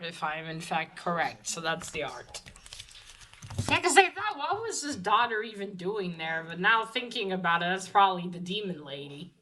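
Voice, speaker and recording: Chatty lady reviewing a comic, lots of ums and restarts, mid pitch. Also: bright, forceful tone, poor audio. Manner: chatty, hesitant, many fillers and restarts. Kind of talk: casual comic book review.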